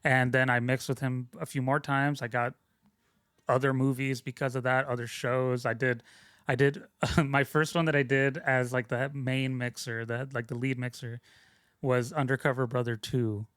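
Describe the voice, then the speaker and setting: A man's voice: medium pitch, level tone, moderate pace, fairly bright tone, no room sound. A man talking as a podcast guest, telling stories casually and rambling with many fillers into a close microphone. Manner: rambling, self-interrupting, frequent "like" fillers. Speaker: podcast guest, sound mixer. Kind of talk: casual conversational storytelling.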